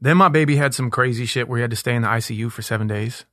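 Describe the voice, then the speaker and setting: A man's voice: mid-range voice, very fast, fairly bright tone, no echo, clean studio sound. A man in his thirties from Minneapolis, a guest on a podcast, telling personal stories candidly and with lots of swearing. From Minneapolis, USA. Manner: candid, profane storytelling. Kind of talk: casual interview chat.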